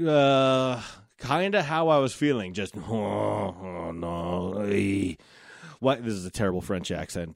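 A man's voice: lowish voice, dry recording, studio quality. A man in his forties hosting a solo podcast, talking candidly and reflectively, with casual swearing. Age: 40s. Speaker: podcast host.

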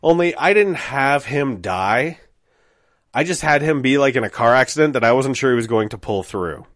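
A man's voice: medium pitch, animated, normal speed, fairly bright tone, no echo. Rambling man telling a story, dry sound. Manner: rambling, self-deprecating, lots of fillers. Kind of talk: casual anecdotal storytelling.

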